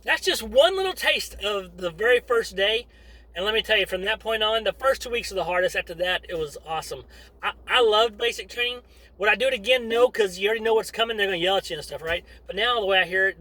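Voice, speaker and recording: A man telling a story casually and in a rambling, animated way for his vlog. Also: high-pitched, rough recording.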